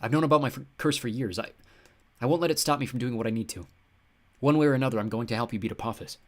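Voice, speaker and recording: A man's voice: mid-range voice, fast talker, lightly acted. Man voicing an earnest, hesitant teenage boy.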